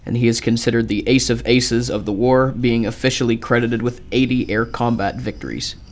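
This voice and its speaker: A man co-hosting a casual radio show, reading looked-up facts aloud in a steady way. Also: mid-range voice, fairly quick.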